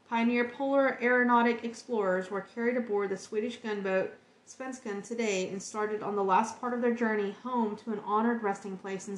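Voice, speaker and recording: A woman's voice: on the high side, reverberant. A woman hosting a podcast, reading encyclopedia entries aloud in an earnest, heartfelt way. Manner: earnest, emotionally moved reading.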